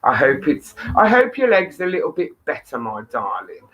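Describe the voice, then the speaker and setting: A woman's voice: low voice, very animated, normal speed, a bit bright, rough recording. A woman hosting a live-stream chat show, affectionate and teasing with her viewers. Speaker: host. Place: home studio.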